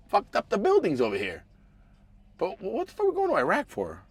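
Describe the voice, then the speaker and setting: Male podcast host, casual political rant with lots of swearing, lively and varied pitch. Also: fast, husky, no room sound. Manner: animated, profane, swings between mumbling asides and raised outbursts.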